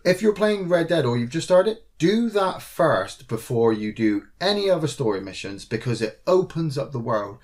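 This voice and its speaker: A man's voice: on the high side, moderate pace, few pauses. A man co-hosting a podcast in casual chat, swearing freely and acting out game characters as he retells what happened. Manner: swears a lot, acts out characters in animated retellings. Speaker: podcast co-host.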